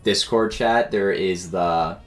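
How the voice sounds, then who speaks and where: Over soft background music, a young man streaming games recounts a story slowly, his low voice wandering through fillers and self-mockery.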